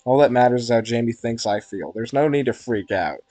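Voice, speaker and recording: A man reading the inner monologue of an anxious, self-conscious teenage schoolgirl in a visual novel, in a nervous, rushed way. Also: mid-range voice, expressive, warm tone, dry recording, natural voice.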